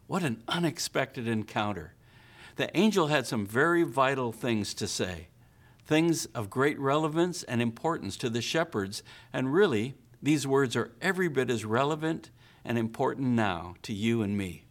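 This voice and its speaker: A man's voice: medium pitch, expressive, normal speed. A man preaching a sermon, earnest, putting questions to his listeners. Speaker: pastor.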